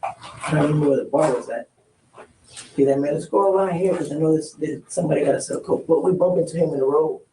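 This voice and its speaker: A man's voice: a little high, fast, dark tone. A man recounting past events under questioning, acting out the quoted exchanges in casual street slang. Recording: roomy, distant mic, faint hiss.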